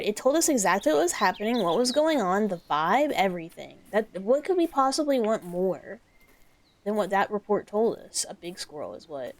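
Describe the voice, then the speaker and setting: Woman streamer chatting thru a horror game, rambly and excitable, swears a lot, mid pitched voice. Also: moderate pace. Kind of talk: casual gameplay commentary.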